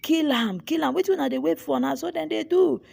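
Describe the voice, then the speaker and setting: A woman's voice: high-pitched, a little fast, gravelly, a little mellow, voice pushed up. A woman with a Nigerian Pidgin accent voicing an agitated Lagos market bystander who urges on a mob. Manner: accusing, egging on, in Pidgin.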